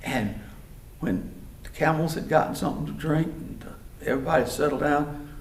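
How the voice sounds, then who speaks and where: A man telling a story in a folksy, animated way. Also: fairly high pitch, normal speed, creaky, slight background noise. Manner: animated, folksy, acts out voices. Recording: roomy hall, mic far off.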